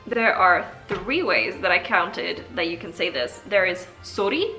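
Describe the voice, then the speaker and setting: A woman's voice: mid-range voice, measured pace, hardly any pauses, sharp tone, faint music behind. A woman vlogger talking casually and playfully as she teaches basic phrases, often laughing. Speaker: language vlogger. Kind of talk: casual tutorial chat.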